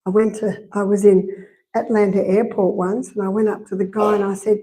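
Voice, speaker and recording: Mellow-voiced Australian woman lecturing. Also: mid-range voice, little pitch movement, moderate pace, poor audio. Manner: conversational, repeats points for emphasis, tells anecdotes. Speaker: health lecturer. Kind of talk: live health lecture. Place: church hall.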